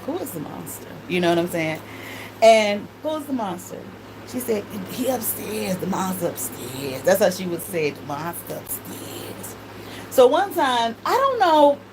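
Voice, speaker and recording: A woman's voice: medium pitch, a little mellow, slight background noise, poor audio. Laughing, profane storyteller woman. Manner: profane, laughs often, quotes others in voices. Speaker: tarot reader and channel host. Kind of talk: casual storytelling monologue.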